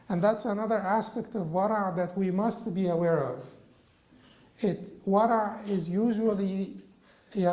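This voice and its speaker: A man giving a religious classroom lecture, halting with frequent restarts and rhetorical questions. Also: high voice, a little mellow, echoey room, poor audio.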